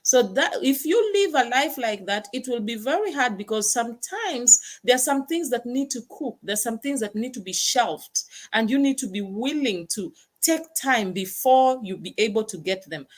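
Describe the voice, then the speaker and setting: A woman's voice: on the high side, expressive, moderate pace, hardly any pauses. Woman hosting a pep talk, emphatic, keeps repeating words to hammer it home. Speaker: host. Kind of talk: motivational talk.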